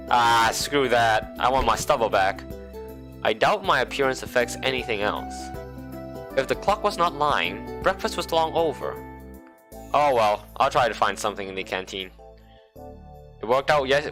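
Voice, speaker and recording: A man narrating a visual novel for a let's play, his bright voice leaping around lively and expressive. He mixes story reading with wry, sarcastic jokes while soft game music plays behind him. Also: mid-range voice. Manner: wry, sarcastic, playful commentary. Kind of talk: reading a visual novel aloud with jokey asides.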